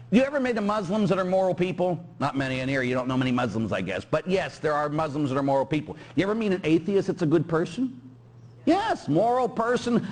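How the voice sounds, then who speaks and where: Animated joking priest preaching. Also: male voice, sits high, breathy edge. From Pittsburgh. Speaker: Catholic priest. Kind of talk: sermon.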